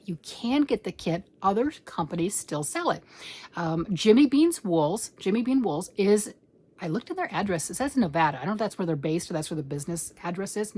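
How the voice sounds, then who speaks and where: A woman with a husky, breathy voice talks through a yarn unboxing. She rambles, gets excited, and now and then drops to a whisper. Her pitch sits in a middle range. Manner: excitable, chatty, rambling, with sudden whispered asides. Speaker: crochet vlogger. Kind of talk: casual unboxing chat.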